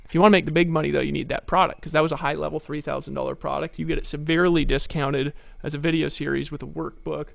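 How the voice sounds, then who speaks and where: Gravelly-voiced man giving a motivational sales pitch. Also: flat delivery, quick pace, hardly any pauses, no echo. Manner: persuasive storytelling, rhetorical questions. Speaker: network marketing presenter.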